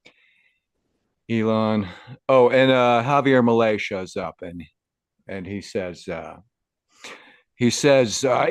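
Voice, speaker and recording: A man's voice: on the low side, slow pace, long pauses, no echo, clean studio sound. Crude joking man in a podcast chat. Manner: crude joking, laughs often. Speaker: magazine creator.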